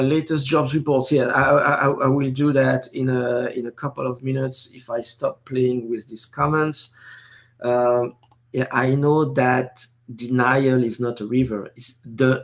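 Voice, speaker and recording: A man with a French accent hosting a casual live stream, talking with many fillers and restarts while reading viewer comments. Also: medium pitch.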